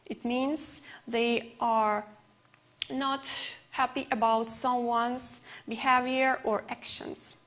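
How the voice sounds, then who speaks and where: A woman teaching an English lesson on television, a non-native speaker whose first language is Uzbek, who explains slowly with repeated examples and fillers. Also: fairly high pitch, flat delivery, a bit bright.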